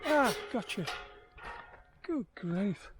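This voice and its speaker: High-voiced tired man rambling. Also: animated, extremely slow, over loud music. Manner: rambling, hesitant, many ums and restarts. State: worn out after heatstroke. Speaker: ultra runner vlogging his race. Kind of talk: casual self-filmed vlog.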